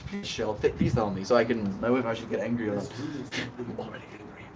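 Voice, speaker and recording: A man's voice: on the low side, flat delivery, a little fast, recorded from a distance, a crowd in the background, low-quality recording. A man livestreaming, chatting casually and laughing as he reads and answers messages from his chat. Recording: voice a bit off-mic with clear background noise.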